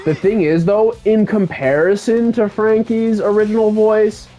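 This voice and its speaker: A young man giving casual gameplay commentary, excitable and swearing freely as an enthusiastic fan. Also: high-pitched, unhurried, soft background music. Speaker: gaming YouTuber.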